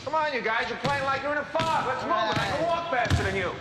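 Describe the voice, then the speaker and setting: A man plays a gruff, middle-aged basketball coach who barks and needles his players sarcastically. His voice is high, lively and bright, and it rings out with a long gym-like reverb on an old TV soundtrack. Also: racing, very noisy, close to an everyday voice. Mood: exasperated. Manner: barking, exasperated, sarcastic. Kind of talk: TV drama acting. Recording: old TV audio with hall reverb.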